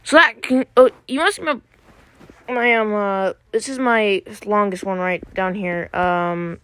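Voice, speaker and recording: A woman giving casual, excitable live commentary on her own gameplay, full of fillers and quick exclamations. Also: medium pitch, smooth, poor audio. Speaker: game streamer.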